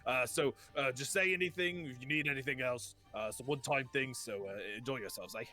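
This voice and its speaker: Brief: a man putting on a stocky male dwarf barkeep for a tabletop game, gruff and folksy, his voice jumping higher and louder when he hollers. Keep it hearty. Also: fairly quick, faint music behind, close to an everyday voice. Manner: gruff, folksy, loud bursts.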